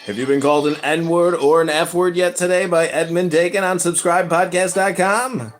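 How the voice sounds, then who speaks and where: A man's voice: sits high, moderate pace, soft background music. A man hosting a livestream, ranting and mocking in a comedic trolling style. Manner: mocking, animated, laughing asides. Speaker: livestream host.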